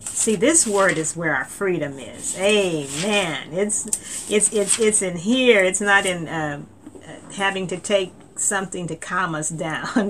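Lower-voiced woman preaching. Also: takes it slowly, a bit bright, slight background noise. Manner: earnest, repeats words, rising emphasis; reads scripture aloud. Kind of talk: sermon.

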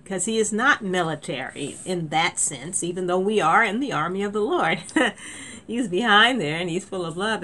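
Woman preacher, lowish voice, chatty sermon that suddenly gets loud, bit of hiss behind. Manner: conversational preaching with restarts and sudden emphatic lifts.

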